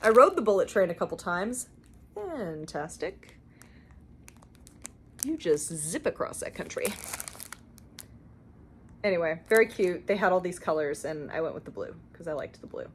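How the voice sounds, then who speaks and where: A woman's voice: lowish voice, sing-song, moderate pace, long pauses, slight background noise. Chatty, gushing woman crafter. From Canada. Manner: gushing, chatty, lots of fillers and laughs. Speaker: cross-stitch channel host. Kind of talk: casual show-and-tell chat.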